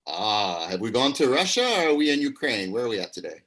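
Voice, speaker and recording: A man, an acting teacher, hosting a live improv show over a video call, upbeat and quick, laughing often. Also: mid-range voice, big pitch swings, a bit bright.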